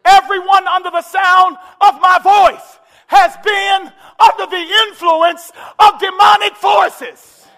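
A man preaching to a congregation, his voice pitched very high and bright as he drives into shouted, urgent climaxes. The sermon carries through a large hall with a long echo, and a crowd can be heard faintly behind him. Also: flat delivery, slow pace. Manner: impassioned, shouting climaxes with call-and-response urgency. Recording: echoey church hall with crowd.

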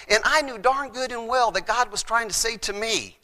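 A man's voice: extremely high pitch, moderate pace, pushed and bright. A middle-aged man, a former chaplain, telling his faith testimony in an earnest storytelling way and acting out the voices in his story.

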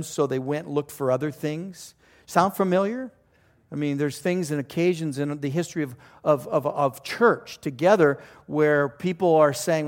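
A middle-aged or older man, a pastor preaching a conversational sermon with animated storytelling. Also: fairly high pitch.

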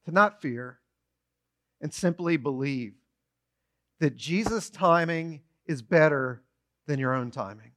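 A man preaching a sermon, retelling a story with animated storytelling and short acted-out quotes. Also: a little high, slow pace, pauses often.

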